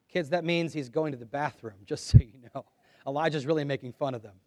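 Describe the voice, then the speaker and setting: A man preaching a sermon and reading scripture aloud, moving between quiet asides and loud, dramatic passages. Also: fairly high pitch, fairly even intonation, brisk, no echo, studio quality. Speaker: pastor.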